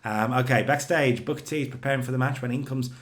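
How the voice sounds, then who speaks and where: A man co-hosting a casual chat, recapping wrestling storylines with animated storytelling. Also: mid-range voice. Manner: animated storytelling, does quick character voices in quotes. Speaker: co-host recapping a wrestling sim save.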